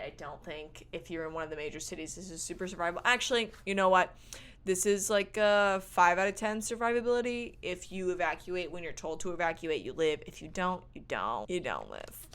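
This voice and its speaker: This is a young woman reviewing a movie in a casual vlog, her voice sitting a little low. She riffs with a playful, sarcastic edge and swears offhandedly. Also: a bit bright.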